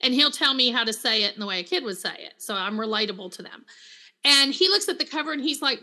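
A middle-aged woman, a counselor and author, chatting as an interview guest and telling stories with lively quoted voices. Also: sits high, brisk. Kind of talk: casual interview chat.

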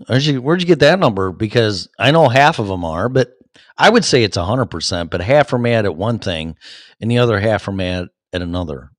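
Fifty-something guy hosting his podcast, kinda low voice, rambles thru chat comments, dry close sound. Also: no echo. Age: 50s. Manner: rambling, talks to chat, many fillers and restarts. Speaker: podcast host. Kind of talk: casual chat reading live comments.

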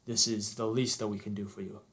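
A man voicing a grateful, hearty father who runs a caravan and thanks someone warmly. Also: fairly low pitch, level tone, brisk, pitched below the performer's own voice, natural voice.

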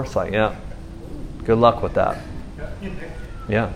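Guy preaching on his podcast, super animated storyteller, lots of slang and restarts, talking like it's a chat. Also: fairly low pitch, unhurried, long pauses, a little hiss or hum. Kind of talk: casual conversational preaching.

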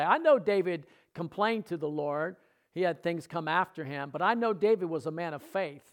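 Earnest preacher man, fairly high voice. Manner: earnest testimony with emphatic repetitions. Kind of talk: sermon.

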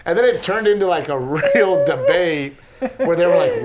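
A middle-aged man co-hosting a podcast, telling funny stories in a casual, animated way and acting out other people's lines. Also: high voice, normal speed, a loud crowd. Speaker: podcast co-host. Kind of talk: casual storytelling chat.

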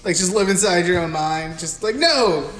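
A man's voice: high voice, normal speed. Profane young man retelling a movie. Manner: profane, animated retelling with put-on voices for characters. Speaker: podcast co-host. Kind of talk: casual chat recapping a film. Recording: echoey room with faint noise.

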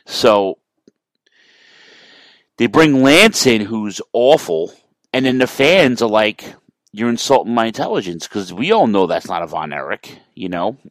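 A man's voice: medium pitch, no echo, low-quality recording. A man talking through wrestling history in a casual, rambling monologue, often correcting himself and swearing now and then. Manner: rambling, self-correcting, profane.

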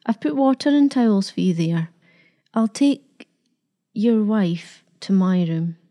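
A woman's voice: mid-range voice, lively intonation, takes it slowly, mellow. Old grandmother, stiff and jealous, hesitant in speech, read by a woman. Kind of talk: storybook reading.

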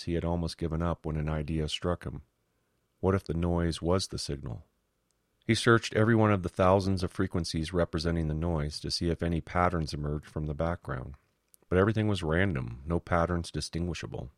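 Very deep-voiced male audiobook narrator. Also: a bit bright, dry recording, clean studio sound. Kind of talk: scripted narration.

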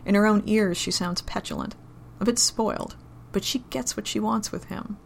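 A woman reading an adult romance story aloud in a low, intimate, steady manner. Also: moderate pace, vocal fry, slight background noise. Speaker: narrator.

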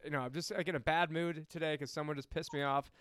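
On this casual podcast, a male co-host goes off about politics and money, cursing and wandering with frequent fillers and false starts. He speaks fast in a somewhat high, fairly even voice that sounds bright, clear and resonant, with no room sound at all.

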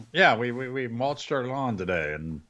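A man's voice: mid-range voice, very animated, measured pace, bright, forceful tone. A man co-hosting a casual wrestling podcast, wry and exasperated, often sighing. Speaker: podcast co-host. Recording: dull lo-fi mic.

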